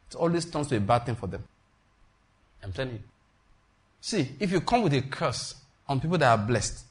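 Man, preaching, fairly high voice, swings up and down in pitch, emphatic and repetitive. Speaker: pastor. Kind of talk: sermon.

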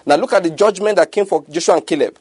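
A man's voice: sits high, quick pace, darkish tone, slightly rough, no room sound. A man preaching a sermon, emphatic and often checking whether his listeners follow. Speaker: pastor.

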